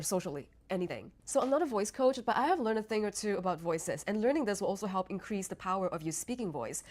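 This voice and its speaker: Fast-talking earnest woman giving advice. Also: medium pitch, darkish tone. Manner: earnest, eager, chatty with many "like"s. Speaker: self-help video presenter.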